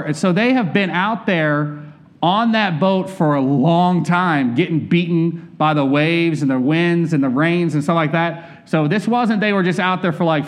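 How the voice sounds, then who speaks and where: A man with a fairly high voice delivers a relaxed, conversational sermon. He speaks candidly from personal experience and keeps turning to his listeners with questions. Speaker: preacher.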